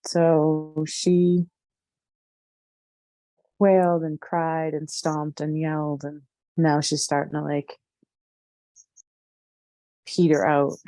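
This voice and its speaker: A woman as a therapy client, talking haltingly and repetitively through an emotional memory, with many fillers. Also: sits low, little pitch movement, dark tone, no room sound. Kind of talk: emotional guided recall.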